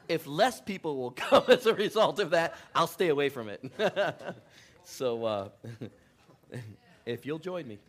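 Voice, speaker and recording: A man's voice: a little high, expressive, takes it slowly, pauses often. A middle-aged male pastor giving a casual, joking sermon in church, laughing often and poking fun at himself. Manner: chatty, self-deprecating, laughs often. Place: church sanctuary.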